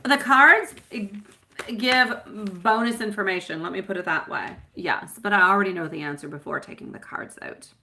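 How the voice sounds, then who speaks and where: On a live stream, a woman reads tarot and chats with her viewers, calling them sweetie and my love. Her medium-pitched voice is gravelly, bright and forceful, moving at a normal speed. She's chatty and rambles, with plenty of fillers.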